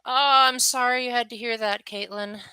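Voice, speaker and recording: A woman's voice: on the high side, fairly even intonation, normal speed, pushed and bright, smooth, no room sound, rough recording. A young adult woman chatting casually on her livestream, reacting to viewers and acting out little quotes. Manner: chatty, answers viewers' chat, acts out quotes. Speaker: livestream host.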